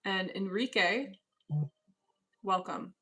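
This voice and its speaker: A woman talking straight to her live chat from home, unhurried and offhand. She sounds cool and a little dismissive as she answers viewers. Her voice sits in a plain middle register. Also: medium pitch, a bit bright. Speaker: live stream host reading chat. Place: at home, indoors.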